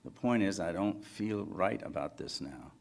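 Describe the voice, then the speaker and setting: Casting note: tired, reluctant phone-line woman, flat delivery, deep underneath, read by a man. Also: a little slow, vocal fry, exaggerated voice. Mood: weary. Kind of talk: author reading fiction aloud.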